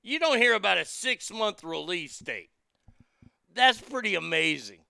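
Brash male talk host, bright smooth voice, dry close sound, profane and mocking. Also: sits high, big pitch swings, measured pace, no room sound. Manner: brash, profane, laughing at his own jokes; reads news items aloud and riffs on them. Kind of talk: casual political commentary.

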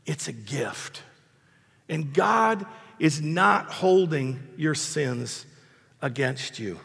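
A man's voice: fairly high pitch, expressive, drawn-out words, vocal fry, a bit bright, slightly rough. A man in his sixties, a pastor preaching a sermon in a conversational, self-deprecating storytelling way. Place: church hall. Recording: long reverb of a hall.

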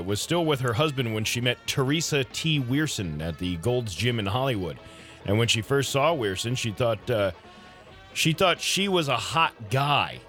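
Showbiz gossip reader, man, bright tone, chatty and playful. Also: mid-range voice. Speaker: entertainment news presenter on radio show. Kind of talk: casual entertainment news read with banter.

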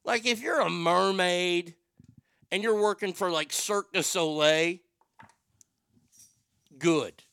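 A man hosting a comedy podcast, cracking crude jokes in loose chat. His voice is bright and crisp, and it sits a touch high for a man. The sound is dry and close. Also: slow, pauses often, no room sound. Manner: profane, joking, riffing on the news. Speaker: podcast host.

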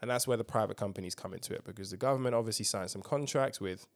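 Low-voiced man, emphatic podcast host. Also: rapid-fire. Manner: animated, emphatic storytelling with swearing and filler ums. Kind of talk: casual current-affairs chat.

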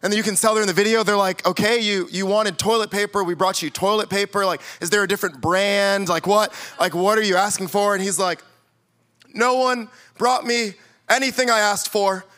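A man's voice: high voice, steady tone, fast talker, few pauses, a bit bright. A man, a youth pastor, preaching a sermon and telling stories with playful acted-out quotes in a church. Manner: storytelling, playfully acts out quotes. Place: church sanctuary.

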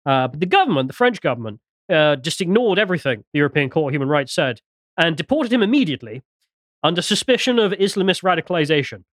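A man's voice: on the high side, sing-song, fast talker, fairly bright tone, no room sound, clean studio sound. A British man co-hosting a podcast, reading out news stories with mocking, sarcastic commentary. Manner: mocking, sarcastic, swings into jokey mimicry.

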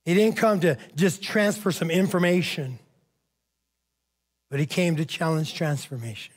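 A man's voice: a little high, unhurried. A man preaching a sermon as pastor, fervent and conversational, often saying "man" and "amen".

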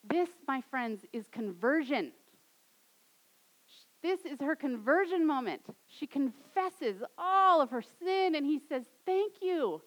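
A woman in her thirties delivers a sermon in a high, bright-pitched voice. She builds to loud, dramatic peaks, then drops to soft, hushed closes. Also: animated, takes it slowly, poor audio. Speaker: pastor.

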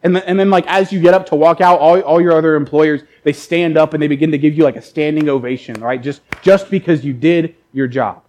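A man's voice: on the high side, fairly even intonation, fairly quick, hardly any pauses, a little mellow, poor audio. Conversational man preaching a sermon. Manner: conversational preaching with fillers and repeated words; acts out characters in quoted asides. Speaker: pastor.

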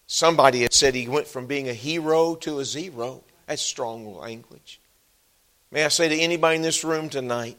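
Male pastor, mid-pitched, preaching style with big emphatic swells and hushed drops. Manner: rises to loud emphatic peaks, then drops low and quiet. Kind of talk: sermon. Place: church sanctuary.

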